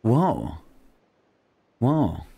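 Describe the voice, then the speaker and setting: A young adult man giving excitable, slang-filled live commentary on a video game, talking to his chat. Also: on the low side, extremely slow, creaky, husky. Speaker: game streamer. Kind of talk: casual live gaming commentary.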